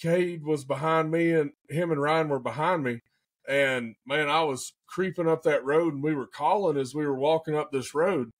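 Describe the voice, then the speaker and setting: A man, a podcast guest telling a story in an excitable, animated way and often saying "man" and "dude". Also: on the high side, normal speed. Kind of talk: casual storytelling.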